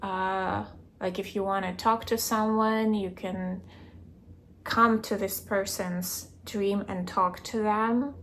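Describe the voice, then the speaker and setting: A young woman keeping a video diary, recounting a dream in a hesitant way, searching for words and filling pauses with "like". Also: mid-range voice, steady tone, a bit bright, a little hiss or hum. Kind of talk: casual personal storytelling.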